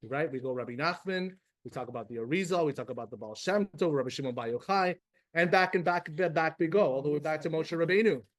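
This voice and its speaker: His fairly high voice comes out fast as he teaches a religious class, both live and streamed over a video call. The tone is casual, emotional and animated, aimed straight at his students.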